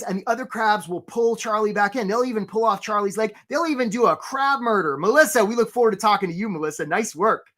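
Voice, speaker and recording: A man hosting a live career webinar. He talks with energy, keeps asking "right?" and gives quick shout-outs to viewers. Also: high voice. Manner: acts out voices for stories, playful.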